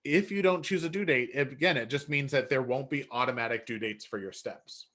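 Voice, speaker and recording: A man explaining step by step how to build a workflow in software, relaxed and often correcting himself. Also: medium pitch, a little fast. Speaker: software trainer. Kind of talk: screen-share software tutorial.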